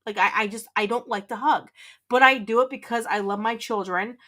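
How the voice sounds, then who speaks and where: A woman's voice: a little high, a little fast, bright, forceful tone. A woman hosting a casual livestream, reading chat aloud, teasing and laughing often, rambling with restarts. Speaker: livestream host.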